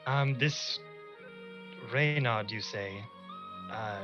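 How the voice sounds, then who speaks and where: A man narrating a tabletop game as dungeon master, describing scenes in slow, descriptive narration. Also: medium pitch, sharp tone, lo-fi sound, faint music behind.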